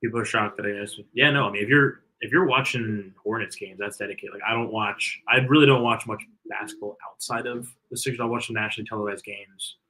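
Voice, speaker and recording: Man, live watch-party co-host, bright tone, casual and analytical stat talk. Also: on the low side, fairly even intonation, fast talker, hardly any pauses, low-quality recording. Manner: reads out player stats, analytical. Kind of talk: casual live sports chat.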